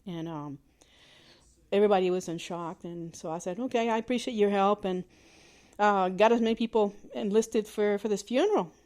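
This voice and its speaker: A woman hosting a podcast, telling a personal story in a candid, plainspoken way, with halting restarts and fillers. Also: mid-range voice, darkish tone. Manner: candid and plainspoken, with mild swearing. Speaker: podcast host.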